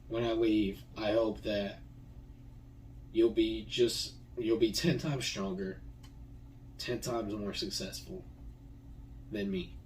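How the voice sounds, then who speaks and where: A young man thanking the people who shaped him, talking in a halting, heartfelt way with many repeated words and fillers. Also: on the low side, far from the mic, a little hiss or hum, poor audio. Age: young adult. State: tearful, voice breaking. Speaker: graduating high school student. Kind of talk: heartfelt personal thank-you.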